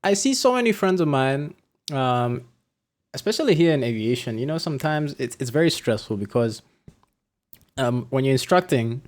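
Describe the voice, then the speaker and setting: A man hosting a casual podcast chat, telling stories with lively acted-out quotes and frequent laughs. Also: mid-range voice, moderate pace. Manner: animated storyteller, acts out quotes, laughs often. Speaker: podcast host and flight instructor.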